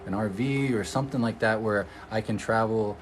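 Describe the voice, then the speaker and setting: Guy from oregon rambling on a livestream, lowish voice, faint hum behind. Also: normal speed, rough recording. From Oregon, USA. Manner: rambling, restarts often, reads and answers viewer comments. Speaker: energy healer livestreaming. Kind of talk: casual livestream chat.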